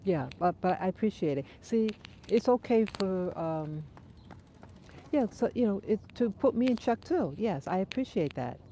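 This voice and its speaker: A woman's voice: medium pitch, lively intonation, normal speed, warm tone, a little hiss or hum. A woman hosting a live stream on an outdoor dog walk, talking things over in a thoughtful, conversational way and answering viewers' comments, with a runny nose. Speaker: livestream host.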